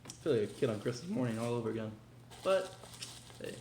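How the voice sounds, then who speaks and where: A young man hosting a casual unboxing vlog, talking in an excitable, slangy, hyped way. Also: medium pitch, fast talker, a little hiss or hum. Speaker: vlogger. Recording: echoey room.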